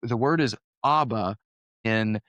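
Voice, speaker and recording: A man's voice: medium pitch, slow pace, a bit bright, no echo. A young man co-hosting a conversational Bible study podcast, speaking in an earnest, thoughtful way and laughing easily. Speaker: podcast co-host.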